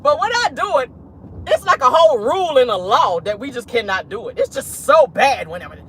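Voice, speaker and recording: Woman host doing petty, sassy commentary from her car, very animated voice, light outdoor hum. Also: sits high, brisk. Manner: sassy, petty, talks straight to viewers with lots of "honey" and "y'all". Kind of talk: casual commentary vlog from a car. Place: parked car.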